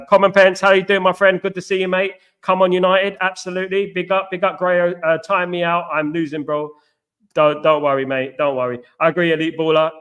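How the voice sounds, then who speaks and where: A man with a fairly high, slightly bright voice hosts a live football watchalong. He chats casually, answering viewers and talking to the live chat with obvious exasperation.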